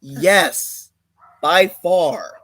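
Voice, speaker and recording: A man's voice: a little high, lively intonation, drawn-out words, fairly bright tone, dry recording. A man co-hosting a casual livestream chat, goofy and joking. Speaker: co-host.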